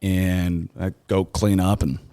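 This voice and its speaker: A man and sports talk show host, giving a raw, emotional personal testimony as a podcast guest. He talks in a halting way, with many restarts and fillers, and his voice jumps much higher when he quotes others. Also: little pitch movement, mellow, dry recording.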